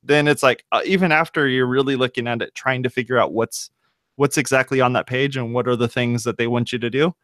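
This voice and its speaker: A man's voice: mid-range voice, fairly even intonation, brisk, a bit bright, no echo. Rambling man on a dry mic. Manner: rambling, self-correcting, thinking aloud. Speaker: podcast co-host. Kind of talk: casual chat.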